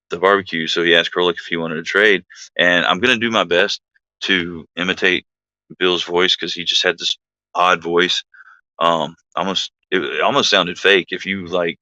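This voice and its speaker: A livestream host and army veteran tells a rambling army story casually, packed with fillers and asides to his chat. His low voice sounds pushed and bright, with no echo and the highs cut off.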